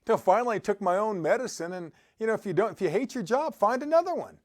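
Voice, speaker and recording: A man's voice: sits high, lively intonation, quick pace. A man giving an upbeat motivational talk who exhorts his listeners and often laughs. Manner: quotes scripture. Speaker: motivational speaker.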